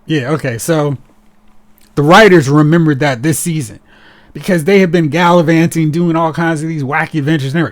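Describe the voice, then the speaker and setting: A man hosting a podcast in casual chat, animated and sarcastic, mocking characters as he talks. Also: on the high side, normal speed. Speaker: podcast host.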